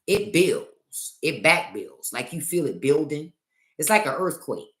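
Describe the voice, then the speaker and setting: A woman's voice: low-pitched, very animated, unhurried, fairly bright tone. A middle-aged woman hosting a casual livestream chat, joking and telling stories with theatrical flair into a phone. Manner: chatty, joking, theatrical storytelling. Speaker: livestream host. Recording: echoey room.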